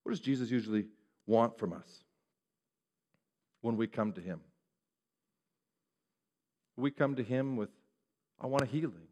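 A male preacher in the middle of a sermon, with a voice of ordinary pitch for a man. He keeps posing rhetorical questions to the listeners. His delivery drops to hushed passages and then rises again. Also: unhurried, pauses often. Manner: swings between hushed and raised delivery.

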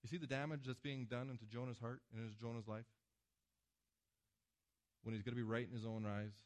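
A man preaching a sermon to a congregation, with emphatic swings between loud passages and hushed ones. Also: medium pitch, little pitch movement, a little fast. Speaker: pastor. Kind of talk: sermon with slides.

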